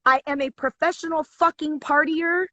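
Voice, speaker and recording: A woman's voice: high-pitched, steady tone, normal speed, sharp tone, no echo. A woman guest in a casual chat, telling a story in a heated, profane, emphatic way over a live video call. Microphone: live online video call. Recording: dry, dull lo-fi stream audio.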